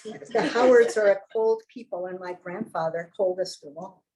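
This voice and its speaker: A woman's voice: mid-range voice, moderate pace, a little mellow, a little hiss or hum, natural voice, low-quality recording. A woman voicing a haughty, suspicious ghost of a queen, speaking in a clipped, imperious way during a story reading. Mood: stern.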